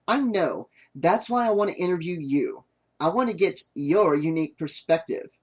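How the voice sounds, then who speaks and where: A man's voice: fairly high pitch, animated, moderate pace, a little mellow, slightly rough. A man reading an audiobook, voicing an irritable young woman making a documentary, curt and exasperated. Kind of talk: audiobook character voice.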